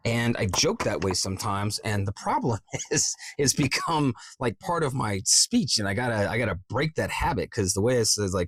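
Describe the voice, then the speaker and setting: A man's voice: fairly low pitch, animated, normal speed, slightly rough, dry recording. A man in his forties, a voice actor in a casual vlog, explaining script reading in a rambling, profane, self-mocking way. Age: 40s.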